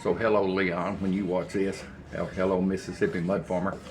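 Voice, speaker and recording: A man's voice: sits low, little pitch movement, moderate pace, a little hiss or hum. An older man, rambling folksy stories as he cooks in his home kitchen. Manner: rambling, folksy storytelling while cooking. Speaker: cooking channel host. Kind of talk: casual cooking vlog chat.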